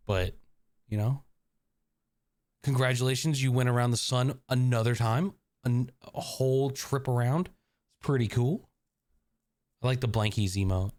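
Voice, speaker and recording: A man's voice: mid-range voice, no room sound. A man live-streaming from a room at home, chatting playfully with his viewers and his cat. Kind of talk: casual live-stream chat.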